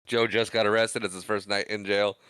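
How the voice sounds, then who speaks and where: A man's voice: fairly low pitch, little pitch movement, brisk, a bit bright, clear, resonant tone, no echo. A man co-hosting a podcast, casually retelling a movie scene by scene and acting out the characters' lines. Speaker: podcast co-host. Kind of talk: casual movie recap chat.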